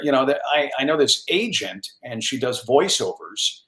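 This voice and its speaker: A man, a radio news anchor, telling stories as a guest in a casual interview, animated and self-deprecating with plenty of restarts. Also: medium pitch, normal speed. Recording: roomy echo on the voice.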